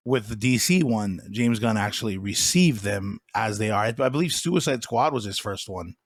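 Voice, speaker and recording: A man's voice: on the low side, lively intonation, normal speed, no room sound. A man co-hosting a casual movie podcast, rambling with many fillers and hedges. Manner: rambling, lots of fillers and hedging. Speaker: podcast co-host. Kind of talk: casual movie review chat.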